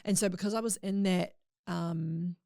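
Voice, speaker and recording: Candid woman with a gravelly voice. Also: fairly low pitch, fairly even intonation, normal speed, mellow, no echo, studio quality. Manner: candid, emotional storytelling with frequent "like". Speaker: podcast guest. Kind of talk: casual chat.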